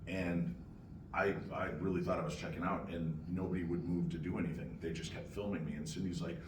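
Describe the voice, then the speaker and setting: Deep-voiced man telling a story from afar. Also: a little fast. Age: older. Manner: animated, acts out other people's lines. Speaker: convention panelist. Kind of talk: casual storytelling on a panel. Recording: echoey hall from far off, noisy.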